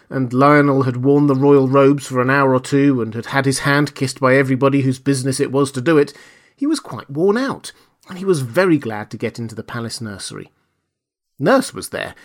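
A man reading a children's story aloud, in a gentle and expressive storytelling manner. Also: mid-range voice.

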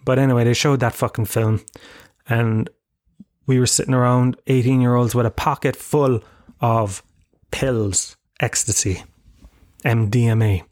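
A man's voice: medium pitch, steady tone, unhurried, a little mellow, no echo, clean studio sound. An Irish man in his thirties hosting a solo podcast, telling rambling, profane, self-mocking stories in casual chat. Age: 30s. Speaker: podcast host.

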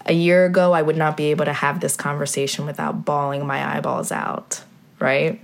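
Gravelly low-voiced mother hosting a podcast. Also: flat delivery, normal speed. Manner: earnest, faith-filled, many fillers. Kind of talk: heartfelt podcast conversation.

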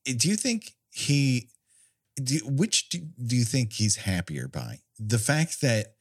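A man's voice: medium pitch, measured pace, slightly rough. A man co-hosting a casual chat, joking and laughing often as he riffs. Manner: jokey, animated, laughs often. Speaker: podcast co-host.

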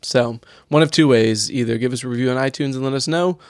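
A man's voice: mid-range voice, fast talker, no room sound, studio quality. A man co-hosting a podcast in casual chat, easygoing and agreeable as he explains things plainly. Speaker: podcast co-host.

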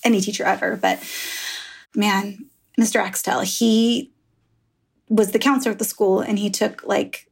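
A woman's voice: medium pitch, fairly even intonation, unhurried, vocal fry, long pauses, slightly rough. A woman author in a candid podcast interview, talking frankly and rambling through stories with easy laughs and the odd swear. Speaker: author guest.

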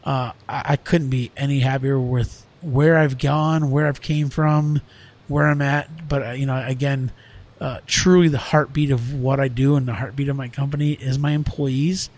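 A man's voice: medium pitch, fairly even intonation, normal speed, darkish tone. Earnest man rambling in casual talk. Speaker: restaurant owner. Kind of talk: casual podcast conversation.

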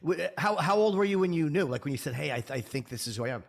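A man interviews a guest in a relaxed way, firing off quick questions. His voice sits a little high and has a gravelly fry. He trips over his words and restarts his sentences. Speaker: interviewer, host.

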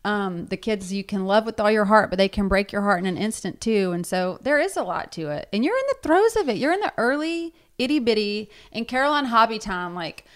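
A woman's voice: medium pitch, lively intonation, fairly quick, few pauses. A woman in her thirties, a podcast co-host, talking in a chatty storytelling way with many fillers. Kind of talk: casual chat.

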